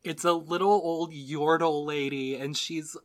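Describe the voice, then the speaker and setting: A man's voice: on the high side, steady tone, unhurried. A man co-hosting a podcast, casually recapping a show with chatty asides. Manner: chatty, full of fillers and asides. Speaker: podcast co-host.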